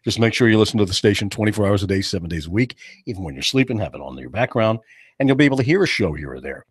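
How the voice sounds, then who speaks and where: Radio talk host guy, jokey and lively, voice jumps all over, dry studio mic. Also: lowish voice, very fast, husky, no room sound. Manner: animated, jokey, acts out other people's voices. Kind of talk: casual radio chat. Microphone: studio microphone.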